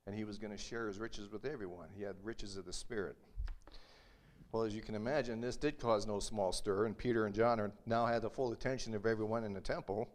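A man's voice: fairly low pitch, steady tone, fairly quick. A male pastor preaching a sermon in a conversational, storytelling way with humorous asides.

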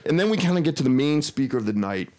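A man's voice: fairly high pitch, sing-song, rapid-fire, darkish tone. A man, a podcast guest, telling a long personal story in casual talk, full of restarts and quoted dialogue. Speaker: interview guest.

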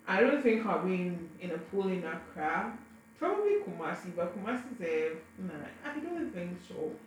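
A young adult woman telling a personal story to camera in a casual, frank way, often tripping over and repeating her words. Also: medium pitch. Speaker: vlogger. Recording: very echoey room, faint background noise.

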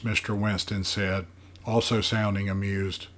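Low-voiced man narrating a novel. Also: level tone, unhurried, fairly bright tone. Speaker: audiobook narrator. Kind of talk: scripted narration of a dark fantasy novel.

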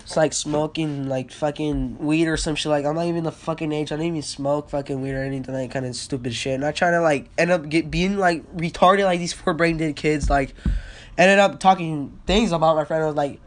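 A man's voice: a little high, brisk. A teenage boy hosting a casual podcast, sick and coughing, rambling with lots of fillers and swearing. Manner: rambling, profane, filler-heavy. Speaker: podcast host.

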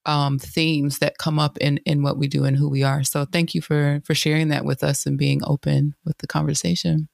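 A woman co-host with a very low voice and plenty of gravelly fry. She speaks in an earnest, thankful way, dry and close to the mic. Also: level tone, moderate pace, hardly any pauses, no echo. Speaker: podcast co-host. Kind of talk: casual interview chat.

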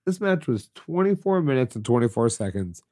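A man's voice: medium pitch, sing-song, a little fast, warm tone. A stuffed-up man co-hosting a podcast, chatting casually and teasing his co-host. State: congested. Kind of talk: casual chat.

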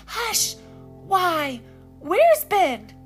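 A woman voicing an excitable, bossy young girl who talks high and emphatically. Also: drawn-out words, faint music behind, heavily acted. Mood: eager. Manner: high and emphatic, tearful when upset.

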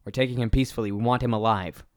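A man reading lines as a stern adult male Martian leader, in a lowered, flat, commanding delivery. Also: rapid-fire, no echo, studio quality, lightly acted.

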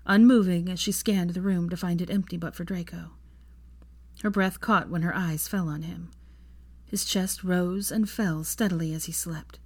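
A woman narrates a story aloud with a low voice. Her delivery is calm and even, with a steady storytelling pace. It is a reading of fan fiction.

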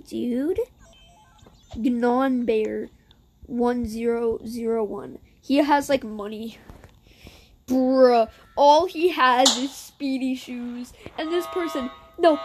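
High-voiced woman muttering sarcastic game commentary. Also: slow pace, pauses often, a little mellow, soft background music. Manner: chatty, sarcastic, muttered asides. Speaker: gameplay streamer. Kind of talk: casual gameplay commentary.

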